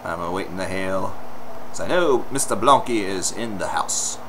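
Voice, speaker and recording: A man's voice: deep voice, expressive, moderate pace, background noise. Casual rambling livestream host, man. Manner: rambling, reads chat and greets viewers, laughs often. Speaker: livestream host taking song requests. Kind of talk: casual live-stream chat. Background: music playing.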